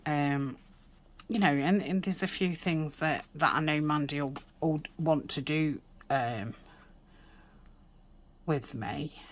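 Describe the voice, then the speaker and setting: A woman chatting casually while crafting, rambling with many fillers and dropping into soft whispered asides. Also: low-pitched, slow, pauses often. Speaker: crafting vlogger.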